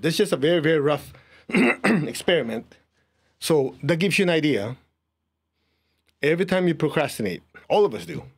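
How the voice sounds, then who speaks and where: A man's voice: on the high side, slightly rough. A man teaching an energy healing class, leading a live audience through a guided exercise. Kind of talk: guided group lesson.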